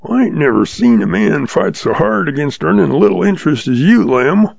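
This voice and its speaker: A sly old outlaw drawls with patient, folksy calm, as a man puts him on. The voice sits higher than the narrator's and keeps a gravelly, husky edge. The sound is dull and lo-fi, in a storybook reading. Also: fairly quick, no echo, full character voice.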